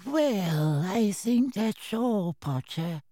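A man voicing a frail, enthusiastic elderly male wizard examiner, slow and quavering. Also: sits high, animated, warm tone, no room sound, pitched above the performer's own voice, heavily acted. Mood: genial.

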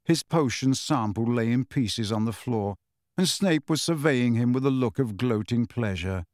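A man narrates a novel as a scripted audiobook, at a mid pitch and an even, measured pace. The recording is dry, with no room sound. He sounds like a storyteller reading steadily. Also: no room sound.

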